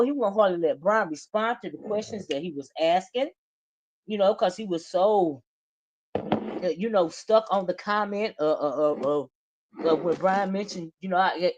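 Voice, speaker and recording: A woman's voice: medium pitch, darkish tone, slight background noise, rough recording. A woman giving casual livestream commentary, chatty, often tagging "right?" and calling viewers honey.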